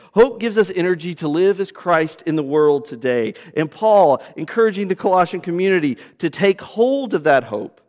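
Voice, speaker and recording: A man preaching a sermon as pastor, swinging from loud emphasis to hushed, low passages. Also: long reverb tail.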